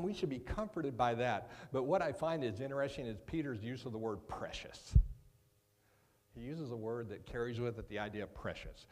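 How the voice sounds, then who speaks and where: A man's voice: mid-range voice, a little mellow. Man preaching in a reverberant church. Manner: conversational, joking asides, repeats words when starting sentences. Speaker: guest preacher. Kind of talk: sermon. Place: church sanctuary. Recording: long reverb of a church hall.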